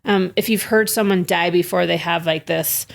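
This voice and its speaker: A woman's voice: on the low side, steady tone, moderate pace, creaky. Chatty woman telling a family story. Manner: chatty, says "like" a lot. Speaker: interview guest. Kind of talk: casual storytelling. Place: home kitchen table.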